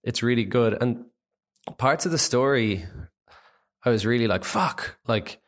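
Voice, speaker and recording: This film podcast co-host talks loosely about movies, filling his speech with "like" and swearing freely. His voice is mid-range and his speed is normal.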